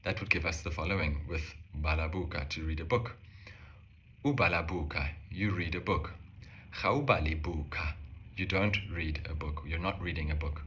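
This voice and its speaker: A man calmly explaining a language lesson step by step, slowing down to say example phrases. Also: extremely low pitch, slight background noise. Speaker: language teacher.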